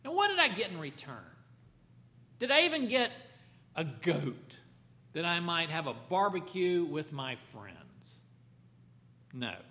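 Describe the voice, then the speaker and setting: A man voicing a resentful older brother who shouts his indignant complaints, in a sermon retelling. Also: fairly high pitch, sing-song, slow pace, pauses often, exaggerated voice.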